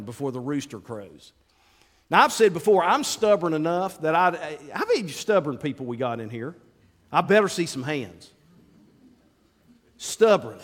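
A male pastor preaching an animated sermon to his congregation, acting out the quotes he tells and calling out to people in the pews. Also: on the high side, moderate pace. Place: church sanctuary. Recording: long reverb of a large hall.

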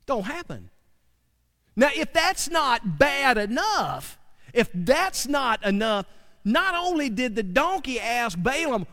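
A man's voice: very high-pitched, fairly bright tone, in a large hall. A man preaching a sermon in a folksy, conversational way, often asking his listeners questions.

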